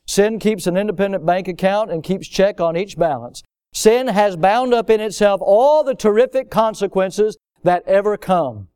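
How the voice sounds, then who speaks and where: A man preaching a sermon as pastor, emphatic and repetitive, swinging between loud bursts and hushed low lines. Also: animated, normal speed, hardly any pauses, smooth, no echo, studio quality.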